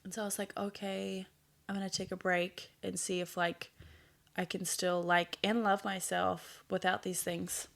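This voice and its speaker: A woman's voice: fairly low pitch, flat delivery, normal speed, creaky, a bit bright. A woman in her thirties hosting a casual solo podcast, chatty and blunt, swearing freely and laughing at herself. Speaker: podcast host.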